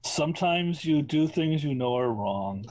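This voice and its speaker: A man's voice: a little high, expressive, measured pace, a little mellow, rough recording. Game master, male, wry and playful, explains rules between quips. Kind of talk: running a tabletop game.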